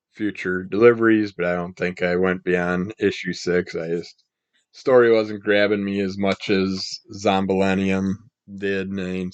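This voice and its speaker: A man reviewing comic books in a casual, rambling monologue, his voice scratchy from the morning and his throat needing clearing. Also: sits low, no room sound. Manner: rambling, relaxed, trails off mid-sentence.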